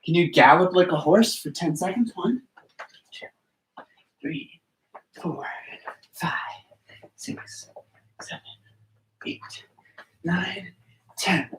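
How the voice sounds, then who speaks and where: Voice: medium pitch, slow, long pauses, a little hiss or hum. An encouraging gymnastics coach talks simply to little kids and counts out each move while demonstrating. The voice sits back from the camera in a roomy gym, with plenty of echo around it. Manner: talks simply to small children and parents. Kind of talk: children's movement class. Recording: roomy, distant from the mic.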